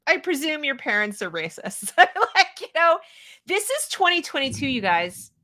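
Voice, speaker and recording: Woman, American accent, opinionated commentary, sarcastic, bright tone. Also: high-pitched, big pitch swings, moderate pace. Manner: sarcastic, mocks quoted clips.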